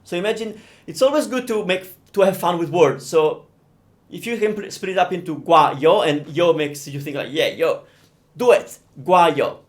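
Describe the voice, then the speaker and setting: A young Italian man with an Italian accent runs a live pronunciation lesson. His voice sits a little high and swings widely as he draws out each sound. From Italy. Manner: animated, drawn-out demonstrations of sounds. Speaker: Italian teacher.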